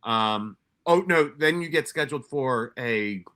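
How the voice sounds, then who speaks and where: A man raised in New York tells his stories casually, stumbling over restarts and swearing freely. His voice is bright and forceful. He acts out his own lines and those of others as he goes. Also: mid-range voice, measured pace. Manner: profane, animated retelling with many restarts and quoted asides. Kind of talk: casual storytelling.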